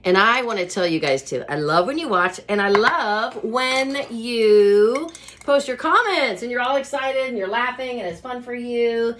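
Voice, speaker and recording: A woman's voice: fairly high pitch, lively intonation, a little slow, fairly bright tone, slight background noise. A woman hosting a home cooking vlog, chatting to her viewers while cooking in her kitchen and laughing often. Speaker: cooking show host.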